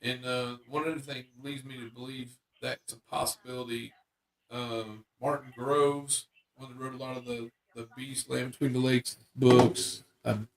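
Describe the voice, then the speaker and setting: A man's voice: mid-range voice, level tone, a little slow, a little hiss or hum. A man casually retelling a secondhand paranormal story on a talk show, rambling with lots of fillers and restarts.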